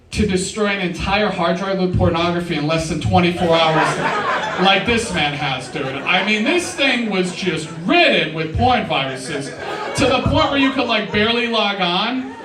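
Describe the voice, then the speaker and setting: A man's voice: high-pitched, expressive, moderate pace, crowd noise. A young man performing a casual stand-up comedy set at a live show, often saying "dude". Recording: roomy live sound, mic at a distance.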